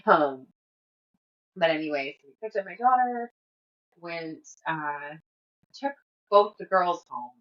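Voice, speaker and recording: A woman's voice: on the low side, lively intonation, slow pace, pauses often, lo-fi sound. Chatty mom rambling through her day. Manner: rambling, chatty, with frequent fillers and laughs. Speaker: podcast host. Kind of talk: casual personal diary monologue.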